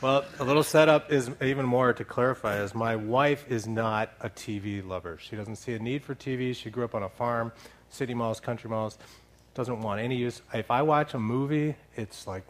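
A middle-aged man telling a humorous story to a church congregation, animated and laughing as he talks. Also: medium pitch, moderate pace. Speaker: church leader sharing a story.

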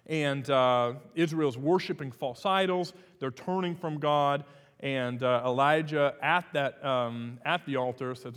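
A man's voice: mid-range voice, unhurried, fairly bright tone, big-room sound. A man preaching a sermon as pastor, in a conversational way with frequent fillers and restarts.

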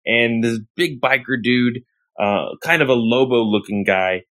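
A man casually talking through a comic book plot with a co-host, relaxed and chatty. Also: medium pitch, a little slow. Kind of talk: casual comic recap chat.

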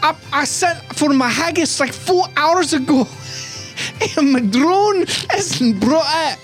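A man putting on a high, frantic voice as a hungry Scottish man shouting for his drone-delivered haggis. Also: vocal fry, soft background music. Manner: shouting, frantic, drawn-out words.

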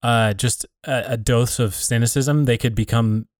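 A man in a relaxed conversation, thinking aloud about community and faith, often restarting and rephrasing as he works out his point. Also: medium pitch, normal speed, no echo, studio quality. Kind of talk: reflective casual conversation.

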